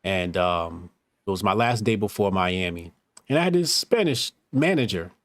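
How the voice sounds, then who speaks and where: A man's voice: sits low, moderate pace, no room sound, clean studio sound. A man hosting a talk show, telling stories casually with lots of swearing, acting out quotes. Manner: profane, animated storytelling, acting out quotes. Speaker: podcast host. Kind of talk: casual storytelling chat.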